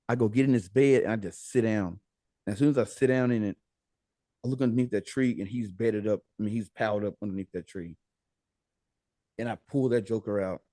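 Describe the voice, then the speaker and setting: An American man with a fairly low voice tells a story as a podcast guest. He talks casually and with energy, laughing and acting out what people said. The sound is dry and close. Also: dry recording. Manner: animated, laughing, retells with quoted dialogue.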